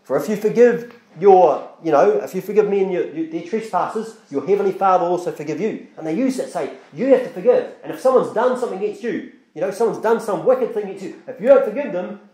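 Lively, high-voiced preacher in an echoey hall. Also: male voice, fast, hardly any pauses. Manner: conversational preaching with many restarts and quoted dialogue. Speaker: pastor. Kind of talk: sermon. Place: church.

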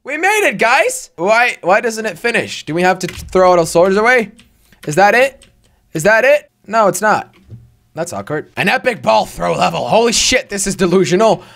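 A young man hosting a gaming channel, giving excitable let's-play commentary, talking to himself and shouting and swearing at the game. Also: sits high, normal speed, gravelly.

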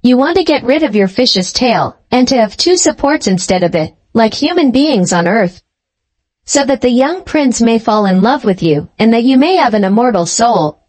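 Woman reading a scheming old sea witch from a storybook: cold, deliberate, mocking. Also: fairly high pitch, lively intonation, a little mellow.

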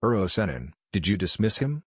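A frightened boy ninja gone blind, halting and stammering, read by a man in a low, unchanged voice. The reading is plain and close-miked, with a dry sound. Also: big pitch swings, breathy edge, dry recording.

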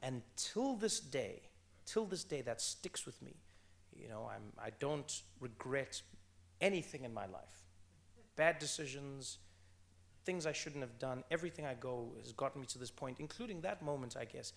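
Male guest, 30s, from South Africa: animated conversational storyteller who stumbles and restarts. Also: mid-range voice, moderate pace, creaky. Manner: animated, repeats words when restarting, laughs while telling stories. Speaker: author and comedian guest.

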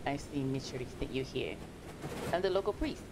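A gamer voicing a greedy local priest, reading the lines in a matter-of-fact, low-key way. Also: animated, fairly quick, noisy background, lightly acted. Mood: businesslike.

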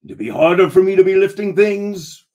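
A man voicing a gruff pirate who has gone soft, growling "ar" in a low, hushed pirate drawl. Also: moderate pace, highs cut off, natural voice. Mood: fretful.

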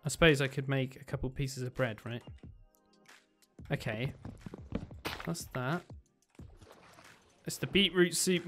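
A man giving chatty let's-play commentary as he plays, thinking aloud with excitable bursts. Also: on the high side. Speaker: gaming video creator.

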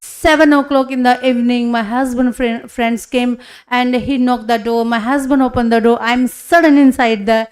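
A woman, giving a personal testimony at a church conference in halting, broken full of hesitations. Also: fairly high pitch, little pitch movement.

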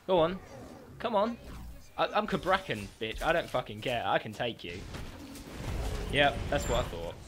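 A man giving excitable, sweary commentary on his own gameplay, trash-talking as he plays. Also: mid-range voice, moderate pace, noisy background. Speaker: gaming YouTuber.

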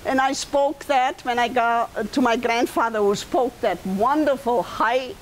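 Older woman, German accent, high voice, slow unhurried storytelling, chatty asides to listeners. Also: a little hiss or hum, poor audio. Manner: conversational, addresses listeners with asides. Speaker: guest speaker and author. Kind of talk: storytelling talk to an audience.

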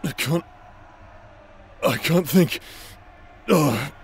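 A man voicing a tormented young man possessed by a sword, speaking in halting, broken-up bursts in an audio drama role-play with music behind. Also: on the high side, animated, slight background noise, heavily acted. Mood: anguished. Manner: haunted, halting, broken-up speech.

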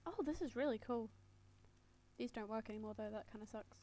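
A young woman giving live gameplay commentary as a streamer, excitable, swearing freely and exclaiming at what she sees. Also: on the high side, fairly quick. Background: game music.

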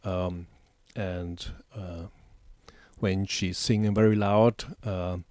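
A man talks through a music software tutorial in a slow, halting way, with many ums and uhs. His voice sits fairly low. The sound is dry and close, with no room around it. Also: steady tone, dry recording. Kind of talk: screen-recorded software tutorial.

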